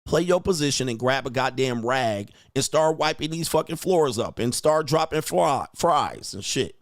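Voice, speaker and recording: This relationship coach hosts a livestream, ranting with profanity and mockery, hitting points hard and laughing at his own jokes. His medium-pitched voice is expressive at a normal speed, recorded clean in a studio with no echo.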